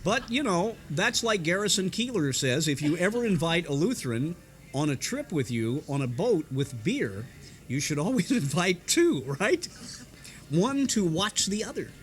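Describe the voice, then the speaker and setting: A man's voice: high-pitched, sing-song, moderate pace. An older man from Indiana, a veteran radio broadcaster, telling anecdotes in a restaurant and mimicking voices and sound effects. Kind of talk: anecdotal storytelling.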